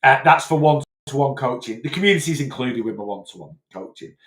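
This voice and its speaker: A man's voice: mid-range voice, lively intonation, a little fast, a bit bright, roomy sound. A man from Blackpool with a Lancashire accent, answering viewer questions live as a weight loss coach in a chatty, rambling way full of fillers and restarts. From Blackpool, England.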